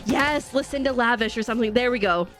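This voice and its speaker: A woman's voice: a little high, fast, over music. A woman streamer chatting casually and giggling with her chat while she plays a game. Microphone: desk microphone.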